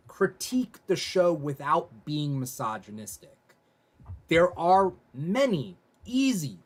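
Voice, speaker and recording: Man, aftershow host; slightly high voice, casual, stops and restarts mid-sentence. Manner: reads viewer comments aloud, halting restarts. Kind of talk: casual panel discussion.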